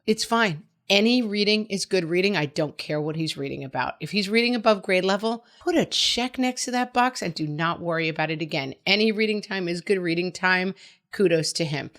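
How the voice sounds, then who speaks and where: A woman's voice: fairly low pitch, brisk, fairly bright tone. A middle-aged woman hosting a podcast, giving frank, chatty, reassuring parenting advice. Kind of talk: casual advice monologue.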